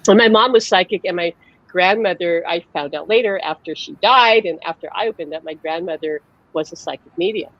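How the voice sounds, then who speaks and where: A woman's voice: lowish voice, brisk, highs cut off. A woman who works as a psychic medium, hosting a live-streamed conversation and telling stories animatedly over a video call, laughing often.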